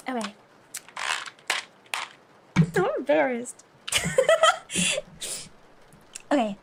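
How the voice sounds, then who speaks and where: A woman's voice: on the high side, big pitch swings, unhurried, vocal fry, long pauses, heavy background noise. A woman streamer chatting casually and reading aloud, often breaking off to giggle.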